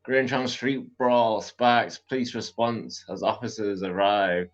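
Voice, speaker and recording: A man's voice: fairly low pitch, steady tone, a little slow. A man hosting comedic news commentary, full of sarcastic, mocking asides. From Teesside, England. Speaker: host. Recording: dull lo-fi audio with faint music.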